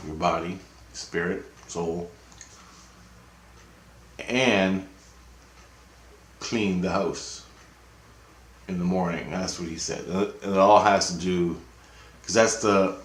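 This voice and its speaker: Rambling man in an echoey room. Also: deep voice. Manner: rambling, swears, repeats himself. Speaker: spiritual vlogger. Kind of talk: casual spiritual monologue. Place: apartment, indoors.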